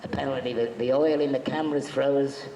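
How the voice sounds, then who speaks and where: A brisk, steady man with a dark, mid-range voice sits on a convention panel, telling a live audience chatty, joking stories while acting out the quotes. The hall sounds echoey, with faint noise behind him.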